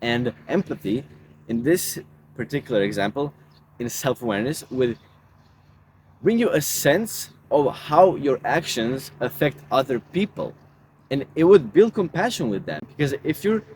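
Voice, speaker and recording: A man's voice: mid-range voice, slight background noise. A man giving casual self-help advice in a laid-back way, calling the listener bro.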